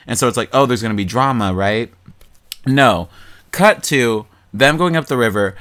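A podcast co-host with an ordinary mid-range voice walks through a movie's plot in loose, casual conversation at a moderate pace. He's animated and foul-mouthed, cursing freely and poking fun at the characters along the way.

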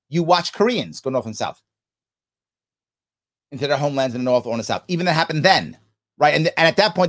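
A man hosting a podcast, reading listener comments and giving emphatic commentary that repeats its points. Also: a little high. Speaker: podcast host. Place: New York City.

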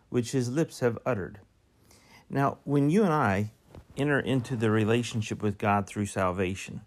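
A man preaching a sermon. He reads a psalm aloud, then explains it, asking the listeners direct questions and stressing key words. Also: fairly low pitch. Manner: reads scripture slowly, then preaches with rising emphasis and questions. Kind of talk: sermon with scripture reading.

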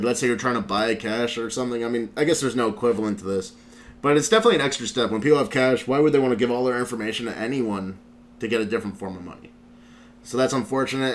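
A man's voice: mid-range voice, a little hiss or hum. A male show host in casual commentary, recapping a video in a rambling way with lots of filler words. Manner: rambling, heavy use of "like" fillers.

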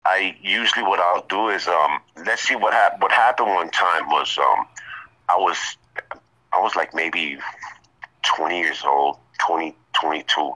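Bright-voiced man telling stories. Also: low voice, a little slow, poor audio. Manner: animated storyteller. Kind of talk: casual storytelling.

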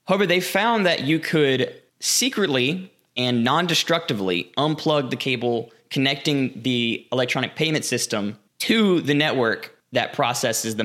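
Bright-voiced man explaining casually. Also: medium pitch. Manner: explanatory, chatty. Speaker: podcast co-host. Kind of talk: casual chat.

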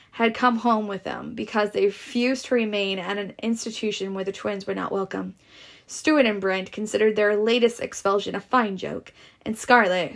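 A woman reading a novel aloud in a steady voice with small stumbles. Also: mid-range voice, vocal fry. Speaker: reader.

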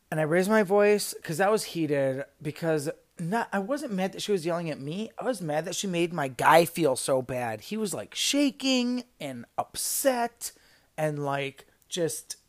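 A young man on a casual podcast, retelling a work story in a heated, swearing rant with emphatic outbursts. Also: fairly high pitch. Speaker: podcast guest recounting a job story.

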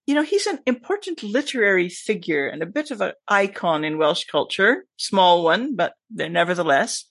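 A podcast guest and teacher with a mostly American accent that has a Scottish tinge, talking in a casual, emphatic way with lively asides. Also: medium pitch, breathy edge, dry recording. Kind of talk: casual conversation.

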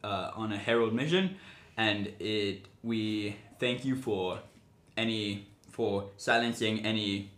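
Formal chancellor in a tabletop game, voiced by a man, slow and bright. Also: fairly low pitch. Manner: formal, halting speech. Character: formal, stiff male chancellor. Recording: roomy echo.

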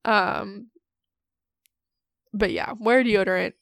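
A woman's voice: mid-range voice, fairly even intonation, vocal fry, a bit bright, dry recording. Giggly young woman, dry close sound. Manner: giggly, quick asides, teasing. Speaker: podcast co-host. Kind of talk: casual chat.

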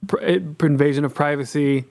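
A man's voice: fairly high pitch, fairly quick, darkish tone. A young man co-hosting a podcast, chatting casually and acting out both sides of exchanges as he tells a story. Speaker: podcast co-host. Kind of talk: casual chat.

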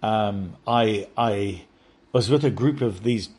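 A man telling a personal spiritual testimony in an earnest, halting way, often restarting and repeating words. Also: lowish voice, a little mellow, slightly rough. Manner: earnest, addresses listeners directly. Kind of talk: rambling first-person testimony.

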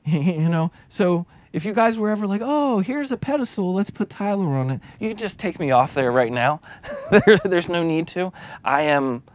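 A man's voice: fairly high pitch, no room sound. A man preaching a sermon as a lay leader, speaking candidly and confessionally, with restarts and small laughs.

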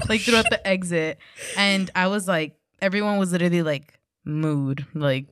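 A woman's voice: lowish voice, normal speed, a bit bright, dry recording, studio quality. A woman co-hosting a casual podcast, telling a rambling story full of "like" and swearing. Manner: rambling, swears, heavy use of like. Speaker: podcast co-host.

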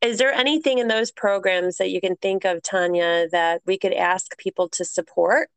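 A woman co-hosting a casual podcast. Her voice is smooth and clear, at a middle pitch. She chats and tells stories animatedly, recorded close and dry. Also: normal speed, no room sound, poor audio. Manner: chatty, animated storyteller who laughs often. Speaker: podcast co-host. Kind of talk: casual chat.

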